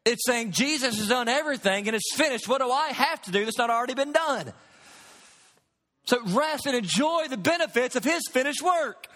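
A high-pitched man preaching with a drawl, his voice carried by a long reverb as in a large church sanctuary. He pushes loud on his points, then drops low and quiet, in an animated sermon delivery. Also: moderate pace. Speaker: pastor.

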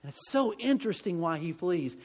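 High-pitched guy preaching, chatty and self-deprecating, lots of restarts, echoey church hall. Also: very animated, fairly quick, a little mellow. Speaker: pastor. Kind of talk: sermon.

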